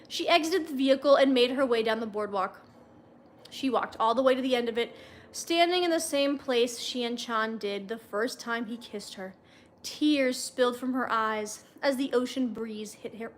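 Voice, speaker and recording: A woman's voice: a little high, normal speed. Chatty young woman reading fanfiction aloud. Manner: chatty, wry comments between passages. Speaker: livestream host reading fanfiction. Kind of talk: casual read-aloud with chat asides.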